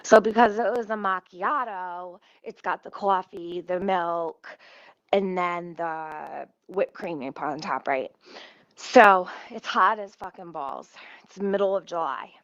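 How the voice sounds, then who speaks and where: A woman's voice: on the low side, measured pace, no room sound. Woman ranting about her day, cussing a lot, dull dry sound like a cheap mic at home. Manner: profane, animated, swears often. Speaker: vlogger. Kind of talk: casual storytime rant. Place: home kitchen. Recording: muffled dry home recording.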